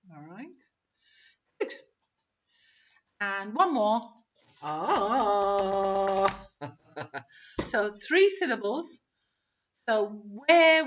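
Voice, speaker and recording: A woman's voice: mid-range voice, fairly bright tone, dull audio. A woman teaching English pronunciation in an online webinar, drawing out example words and laughing often.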